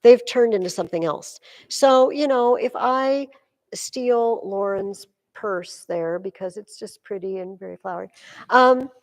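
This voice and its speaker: A woman teaching a high school class, explaining with energy and acting out quotes dramatically. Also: unhurried, big-room sound. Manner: lively, acts out quotes dramatically. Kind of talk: classroom lecture.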